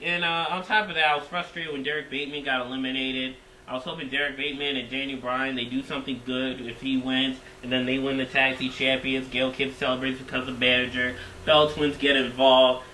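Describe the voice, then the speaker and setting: A man reviewing a wrestling show in casual recap style, excitable and rambling, repeating himself. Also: mid-range voice, a little fast, echoey room, slight background noise, rough recording.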